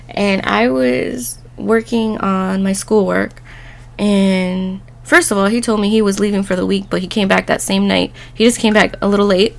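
A young woman in her twenties tells a personal story in a relaxed, chatty way. Her voice has a gravelly, fry-tinged edge, and she laughs easily and acts out bits of dialogue as she talks. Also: medium pitch. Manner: chatty, laughing often, quoting others in dialogue. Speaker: vlogger. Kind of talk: casual storytelling.

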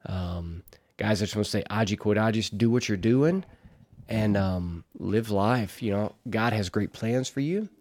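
A man's voice: on the low side, measured pace, darkish tone. A man hosting a casual solo podcast, telling a story in a chatty, rambling way and laughing at himself.

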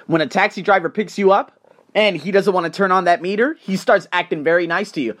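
Brief: male podcaster, a bit high-pitched, salty and animated. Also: brisk. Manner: blunt, profane, animated storytelling. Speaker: podcast host. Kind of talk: solo podcast monologue.

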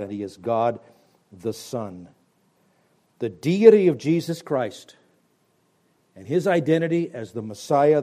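A man preaching a radio Bible teaching as pastor, emphatic, with loud stressed words that sink to quiet, low endings.

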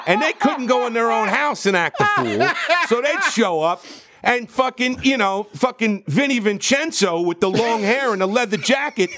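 Animated, foul-mouthed man with a high voice. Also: normal speed. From New Jersey, USA. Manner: profane, animated storytelling. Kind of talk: casual podcast chat.

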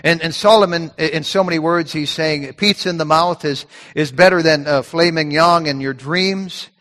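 A fairly high-voiced man preaches a sermon in a church sanctuary, with his words trailing off into a long hall reverb. He talks in a conversational way, doubling up on words as he goes, and slows right down when he reads scripture. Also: a bit bright. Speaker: pastor.

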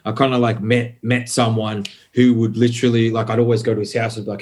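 A man's voice: medium pitch, level tone, quick pace, hardly any pauses, darkish tone. A young man, a podcast guest, telling his story in a loose, filler-heavy way and swearing freely. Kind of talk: casual conversational storytelling.

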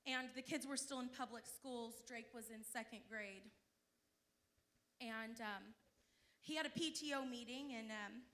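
A fervent woman preacher gives a church testimony in a high, ringing voice. She drops low and intimate as she tells her story, then breaks out in loud calls of praise to the congregation. Her tone is bright and keen throughout. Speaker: church speaker giving testimony. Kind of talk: Pentecostal sermon testimony.

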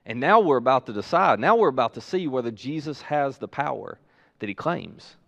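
Animated man preaching a sermon. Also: mid-range voice, brisk, creaky, lo-fi sound. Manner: animated storytelling preacher, acting out voices. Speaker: pastor.

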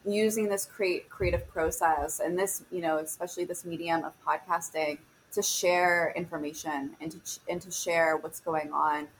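A woman's voice: on the low side, fairly even intonation, normal speed, hardly any pauses, slight background noise, rough recording. A woman fitness instructor, a guest on a podcast, talking in an earnest, motivational way and searching for her words. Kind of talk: casual podcast conversation.

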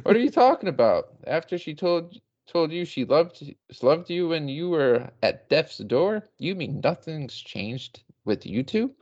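A man's voice: on the high side, big pitch swings, measured pace, hardly any pauses, a little mellow, voice pushed up. A man voicing a nervous young man who blurts out anxious questions. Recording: dull lo-fi recording.

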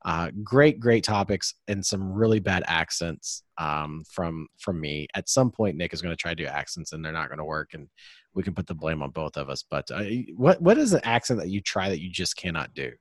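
A man hosting a casual podcast chat, his voice sitting fairly low. He rambles along in an upbeat way and hypes up whoever comes on. The sound is dry and close, with no room around it. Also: expressive, normal speed, dry recording. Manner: rambling, upbeat hype-style introductions. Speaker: podcast host.

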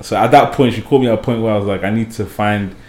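A man's voice: lowish voice, fast, reverberant. A man with a British accent, chatting casually as a podcast guest, laughing often and teasing. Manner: laughs often, says "bro" a lot, animated teasing.

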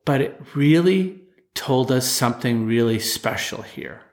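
A man who teaches martial arts, telling a story from his classes in an animated way and acting out the voices in it. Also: mid-range voice, unhurried. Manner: animated storyteller, acts out voices of children and parents. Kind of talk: storytelling talk.

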